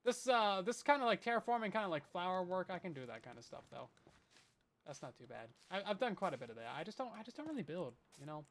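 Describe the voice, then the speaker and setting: His voice sits high, swings widely in pitch, and moves fast as this streamer plays Minecraft survival. The commentary is casual, wandering, and self-deprecating.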